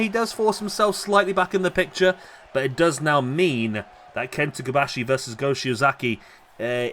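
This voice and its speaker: A man hosting a gaming channel, giving energetic play-by-play commentary on a simulated wrestling match and rising to shouts on the big moves. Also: medium pitch.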